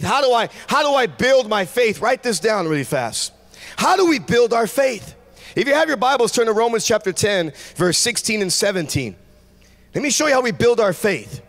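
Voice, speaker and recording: A man preaches in a church sanctuary with a high voice that leaps all over. He is fervent and shouts his declarations to the congregation. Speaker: guest pastor. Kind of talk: sermon.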